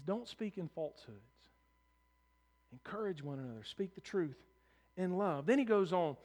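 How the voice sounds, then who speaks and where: A man preaching a sermon as pastor, earnest, often repeating words as he starts a phrase, moving between soft passages and raised, emphatic ones. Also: fairly high pitch, animated, normal speed.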